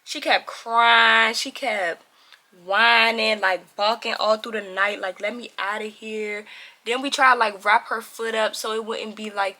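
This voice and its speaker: A young woman telling a casual storytime to camera, animated and constantly addressing viewers as y'all. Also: mid-range voice. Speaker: vlogger.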